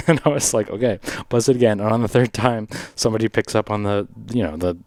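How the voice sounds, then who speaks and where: A man with a lowish voice tells a long story in a casual podcast chat, laughing often and jumping into a higher voice to act out the people in it. The sound is close and dry, with no room echo. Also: fairly quick. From Vancouver, Canada. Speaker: podcast host.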